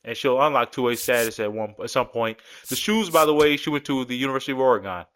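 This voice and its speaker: A gaming YouTuber gives casual, rambling commentary on his game creations in a laid-back, joking way. He talks fast in a medium-pitched, slightly bright voice.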